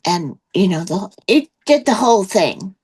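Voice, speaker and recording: A woman's voice: medium pitch, sing-song, a little slow, a little mellow, slightly rough, poor audio. An older woman giving her personal testimony as an interview guest, telling a rambling story full of quoted exchanges and fillers.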